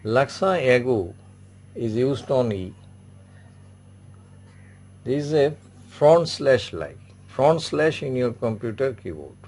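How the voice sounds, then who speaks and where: A man's voice: medium pitch, a little mellow. A man teaching an online French class, patiently repeating each word and example several times. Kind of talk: online language lesson.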